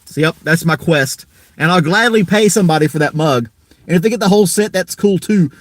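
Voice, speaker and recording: Male live-stream host, casual and easygoing, slightly high voice, rambles and chuckles. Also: a little fast, dry recording.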